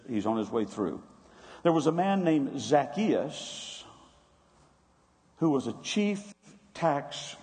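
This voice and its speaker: A man's voice: medium pitch, a little mellow. A man preaching a sermon in a conversational storytelling way, with restarts and asides. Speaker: pastor. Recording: long reverb.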